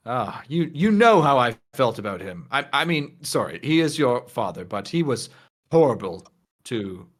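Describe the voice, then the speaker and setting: A man's voice: mid-range voice, fairly bright tone. Man doing a stoned, leering noble gossip. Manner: drawling, flirtatious, rambling. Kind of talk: tabletop character voice.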